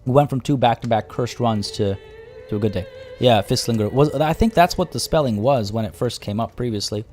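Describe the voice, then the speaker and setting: A man's voice: medium pitch, fairly quick, a little mellow, soft background music. A man streaming a strategy game, talking casually to his chat as he plays. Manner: chatty, thinking aloud and answering chat. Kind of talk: casual live-stream commentary.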